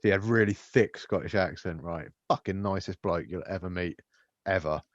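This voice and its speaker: Sweary animated male storyteller. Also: low-pitched, normal speed, no room sound, highs cut off. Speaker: podcast co-host. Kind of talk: casual chat.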